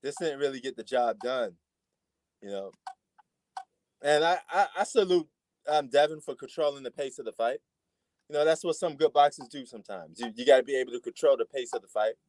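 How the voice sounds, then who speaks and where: A man's voice: medium pitch, brisk, darkish tone, no echo. A man from New York with a New York accent, giving slangy, laid-back live commentary on a boxing match as a stream host. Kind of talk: casual live fight commentary.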